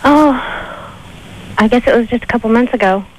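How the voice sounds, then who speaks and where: A woman's voice: on the high side, normal speed, slight background noise, low-quality recording. A woman in her twenties calling a radio advice show, asking a question hesitantly. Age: 20s. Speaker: caller.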